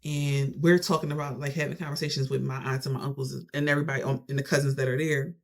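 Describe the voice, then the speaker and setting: A young adult vlogger telling a family story in a casual, animated way. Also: mid-range voice, fast talker. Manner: animated, conversational retelling.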